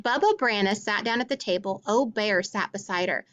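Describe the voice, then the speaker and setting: A woman reads a children's picture book aloud at a middling pitch. She stops now and then to explain things plainly for young listeners. The recording is a little dull and lo-fi. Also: moderate pace, a bit bright. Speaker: storyteller.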